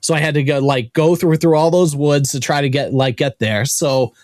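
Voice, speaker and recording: Animated, cursing podcast host, a man. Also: on the high side, moderate pace, no echo, studio quality. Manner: animated, profane storytelling. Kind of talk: casual chat.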